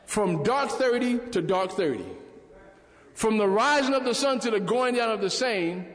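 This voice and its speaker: A man preaching a sermon in a church, animated and calling out to the congregation. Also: high voice, normal speed. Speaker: pastor. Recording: echoey church hall.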